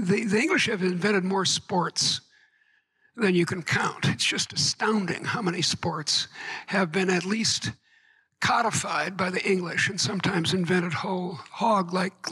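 A man giving a public lecture to an audience, halting and repeating words, with wry asides. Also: high voice, pushed and bright, husky, poor audio.

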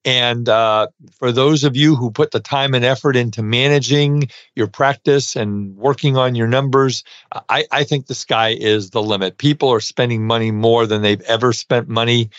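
A man's voice: medium pitch, steady tone, normal speed, no echo, dull audio. A middle-aged man with a New York accent hosting a podcast, chatting casually with many fillers. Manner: chatty, many uh fillers, warm thank-yous. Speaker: podcast host, dental CPA.

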